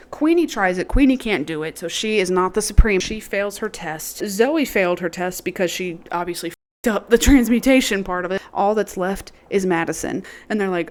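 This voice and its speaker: A woman's voice: mid-range voice, fairly quick. Chatty young woman recapping a show. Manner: chatty, swears a lot, laughs often. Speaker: youtuber. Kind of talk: casual TV recap.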